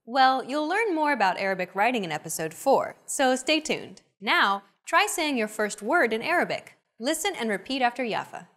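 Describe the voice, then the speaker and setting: A woman's voice: on the high side, sing-song, moderate pace, hardly any pauses, fairly bright tone. A young adult woman hosting a language lesson, with a scripted, upbeat coaching delivery.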